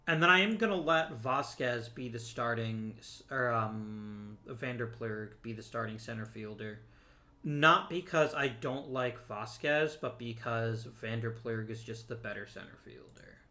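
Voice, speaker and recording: Male gameplay host, bright tone, chatty and jokey, talks back to the screen. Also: medium pitch, unhurried. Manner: chatty and joking, talks to the viewers and to the players on screen. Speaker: let's play host. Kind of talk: casual gameplay commentary.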